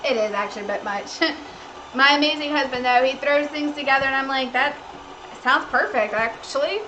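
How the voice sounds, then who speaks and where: A woman's voice: sits high, fairly even intonation, fairly quick, background noise. A woman hosting a cooking livestream, chatting in a bubbly, gushing way to her viewers. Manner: bubbly, gushing, talks to chat. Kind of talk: casual livestream chat to viewers. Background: faint background music.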